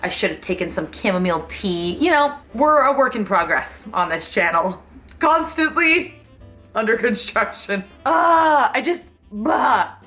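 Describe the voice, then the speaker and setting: A woman vlogger in casual chat, venting in a self-deprecating way and jumping around in pitch as she talks. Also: normal speed, hardly any pauses, faint music behind. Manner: animated, with sudden jumps in pitch.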